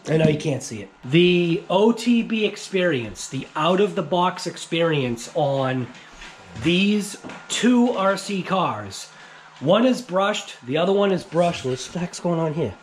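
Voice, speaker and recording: A man with a New England accent, hosting a casual, rambling vlog about RC cars, chatty and quick to laugh. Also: sits high, expressive, slight background noise. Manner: chatty, laughs often, many fillers. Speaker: RC car channel host.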